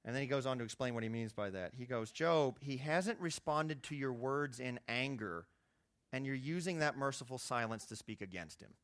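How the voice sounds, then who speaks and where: A young man preaching a conversational sermon, his voice jumping high when he makes a point. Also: moderate pace, fairly bright tone, no echo. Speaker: youth pastor.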